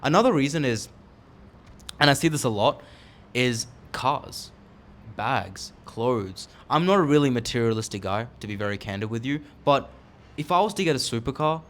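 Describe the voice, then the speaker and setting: A man in his twenties sits indoors filming himself, giving a motivational talk to the camera about making money young. An online entrepreneur vlogger, he speaks at normal speed in a medium-pitched, expressive, slightly bright voice, casual, emphatic and candid.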